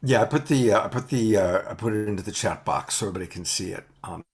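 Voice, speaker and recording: A man speaks in a low, husky voice, heaping warm praise on others in relaxed, filler-laden chat. He talks over a video call. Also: fast. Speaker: convener of an online vigil. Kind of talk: casual chat.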